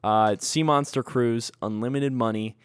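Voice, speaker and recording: A man's voice: mid-range voice, steady tone, unhurried, clean tone, dry recording. A man co-hosting a casual comedy podcast, rambling through jokey ideas and laughing often. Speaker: podcast co-host.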